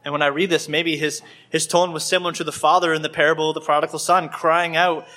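Man preaching in church, bright forceful voice, slightly high, acts out scenes, repeats himself. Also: flat delivery, fast talker. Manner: acts out scenes with small shifts of voice, repeats words. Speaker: pastor. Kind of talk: sermon.

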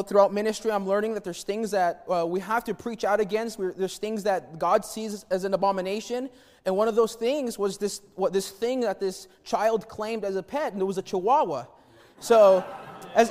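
A man from New Mexico preaching a sermon, telling a personal story in a folksy, animated way with many restarts. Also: high-pitched, fairly quick. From New Mexico, USA. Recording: church hall reverb.

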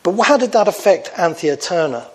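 A man's voice: high-pitched, expressive, normal speed. A middle-aged man preaching a sermon to his congregation, earnest, often putting questions to his listeners. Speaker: pastor.

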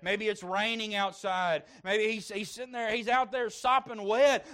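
A man preaching a sermon, moving between loud fervent stretches and soft hushed asides. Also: high-pitched, fairly even intonation, normal speed. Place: church service.

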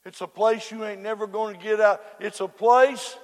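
A man preaching a hellfire sermon, dropping to hushed murmurs and then breaking into fervent shouts. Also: high-pitched, steady tone, moderate pace. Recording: long reverb of a large hall.

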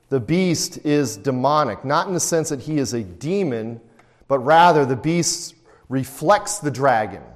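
A man's voice: mid-range voice, a little mellow, long reverb tail. A man teaching a Bible study lecture in a conversational way, often putting rhetorical questions to his listeners.

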